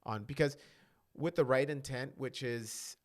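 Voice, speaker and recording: A man's voice: medium pitch, unhurried. A man who is a loan expert, a guest in a casual podcast chat, easygoing and joking, with hesitant fillers.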